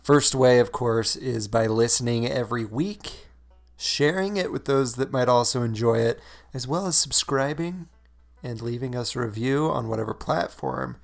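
A man's voice: medium pitch, normal speed, creaky, soft background music. A man co-hosting a casual podcast, chatty and laughing often. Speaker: podcast co-host. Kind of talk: casual chat.

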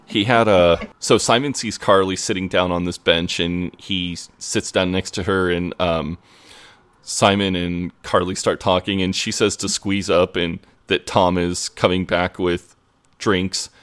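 A man's voice: sits low, steady tone, unhurried, a bit bright, smooth. A man co-hosting a podcast, recapping an episode in casual chat, rambling with lots of fillers. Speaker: podcast co-host.

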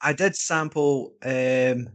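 A man's voice: mid-range voice, takes it slowly. Sweary man on a beer podcast. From Scotland. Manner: blunt, sweary, teasing. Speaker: podcast co-host. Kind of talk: casual beer podcast banter.

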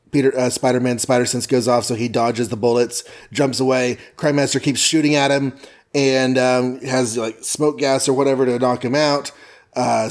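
A man co-hosting a podcast, rambling jokily through a comic book recap with lots of fillers. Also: mid-range voice. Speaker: podcast co-host.

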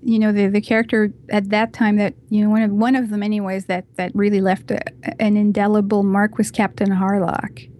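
With a mid-range voice that runs a little fast, a woman guesting on a podcast describes a film scene with animated energy. The conversation is casual and full of "you know" fillers.

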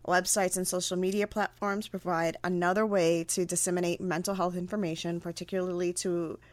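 A woman's voice: on the low side, level tone, a little fast, no echo. A woman co-hosting a casual podcast, reading notes aloud with stumbles and fillers. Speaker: podcast co-host.

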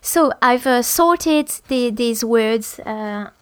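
A woman's voice: fairly high pitch, slow pace, slight background noise. A woman teaching French pronunciation on a podcast, hesitant with many fillers and restarts.

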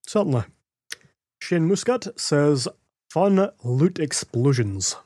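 A man's voice: fairly high pitch, very animated, warm tone, husky. A man co-hosting a casual podcast, reading out listener messages. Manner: reads listener messages out slowly. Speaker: podcast co-host.

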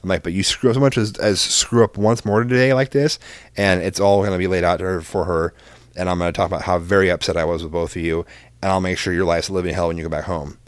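Brief: a lowish-voiced man, animated storyteller who voices everyone in the tale, close dry mic. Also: quick pace, no echo. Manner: animated, acts out both sides of dialogue, swears freely. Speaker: parent telling a story. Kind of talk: casual storytelling chat.

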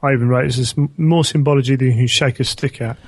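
Man, podcast co-host, wry and halting, mid pitch, dry. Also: fairly even intonation, dry recording. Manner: halting, repeats words, wry. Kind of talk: casual book discussion.

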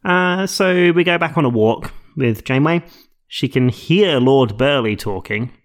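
A man's voice: medium pitch, lively intonation, unhurried. A man co-hosting a podcast in casual chat, joking, laughing often and swearing freely. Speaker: podcast co-host.

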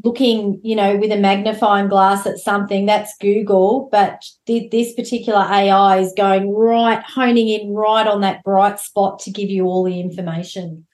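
A woman's voice: medium pitch, flat delivery, moderate pace, few pauses, a little mellow. A woman hosting a casual podcast interview, enthusiastic and friendly, asking loose, rambling questions. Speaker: podcast host. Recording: echoey room.

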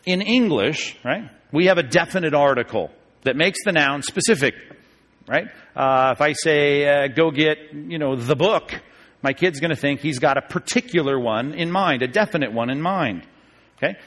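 A man teaches a church class in a relaxed, talkative manner, checking in with "right?" as he goes. His voice sits a bit higher than most men's. The long reverb of a large hall trails every phrase. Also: normal speed. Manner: conversational, keeps checking in with "okay?" and "right?". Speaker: pastor teaching a Bible study class.

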